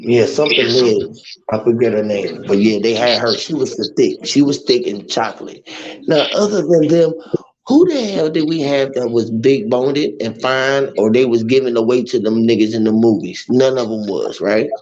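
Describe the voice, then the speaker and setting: A man hosting a casual livestream, rambling loudly and mockingly mimicking greetings. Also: mid-range voice, normal speed. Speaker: livestream host. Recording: muffled lo-fi audio with faint hiss.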